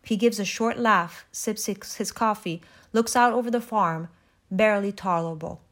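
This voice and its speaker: A woman reading a first-person story aloud in a measured, reflective narration. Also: on the high side, fairly bright tone. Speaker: audiobook narrator. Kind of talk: scripted narration.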